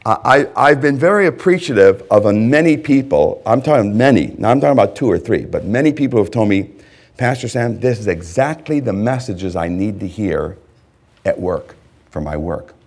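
Emphatic preaching man, lively pitch. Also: moderate pace. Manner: emphatic preaching with repeated phrases, swinging between loud and hushed. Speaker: pastor. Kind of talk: sermon.

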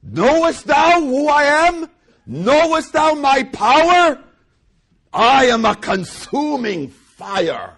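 A man's voice: very high voice, big pitch swings, slow, gravelly, fairly bright tone, voice pushed up, full character voice. A preacher voicing a haughty, boastful male lord who demands groveling worship in archaic, thundering speech. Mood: imperious. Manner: archaic, thundering, self-glorifying.

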